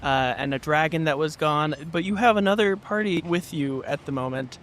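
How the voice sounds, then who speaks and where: A man's voice: on the high side, normal speed, a bit bright, slight background noise. A man narrating a tabletop game as game master, casual and laughing often.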